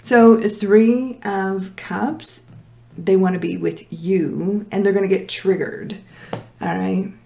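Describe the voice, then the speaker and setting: A woman's voice: mid-range voice, fairly even intonation, slow pace, vocal fry, warm tone, a little hiss or hum. A woman doing a casual tarot reading who is losing her voice, direct, blunt and emphatic. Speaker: tarot reader. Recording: echoey room.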